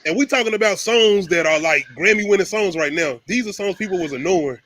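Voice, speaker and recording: A man co-hosting a podcast in casual chat, telling stories in an animated way. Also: sits high, fast talker. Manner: animated storyteller, laughs often. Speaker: podcast co-host.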